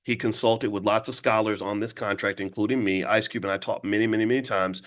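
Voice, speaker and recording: Fast-talking man ranting on a stream. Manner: fast, animated, acts out quoted voices with big pitch jumps. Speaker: online show host. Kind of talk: fast live-stream commentary.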